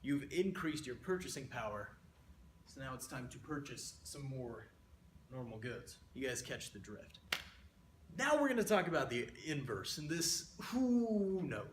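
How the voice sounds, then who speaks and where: A man hams his way through a mock economics lecture in a middle-pitched voice, rambling off into playful, exaggerated asides. The sound is roomy and echoey, with a faint hiss underneath. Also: big pitch swings, moderate pace, a bit bright. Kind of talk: comedic lecture sketch. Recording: roomy echo.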